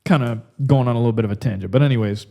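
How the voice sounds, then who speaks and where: Young man, podcast host, loose crude storytelling, mellow tone. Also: mid-range voice, very fast. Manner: rambling, crude, says "like" and "bro" constantly. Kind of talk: casual comedic monologue.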